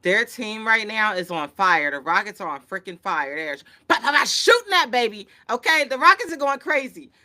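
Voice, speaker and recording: A woman hosting a casual sports show, reacting with excitable, slangy chatter. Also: medium pitch, moderate pace, few pauses. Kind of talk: casual sports commentary chat.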